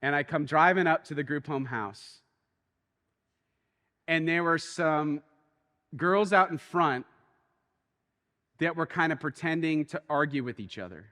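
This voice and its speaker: A pastor preaches a sermon in a high, bright male voice, telling a story with animation that sinks quiet and then climbs with excitement. His pace is measured, with long pauses, and the church hall's long reverb trails after his words.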